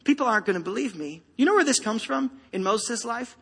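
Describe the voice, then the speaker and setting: High-voiced husky preacher in reverberant hall. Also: male voice, animated, a little fast, a bit bright. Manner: emphatic, rousing, addresses congregation directly. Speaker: pastor. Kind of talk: sermon. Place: church sanctuary. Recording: long reverb of a large hall.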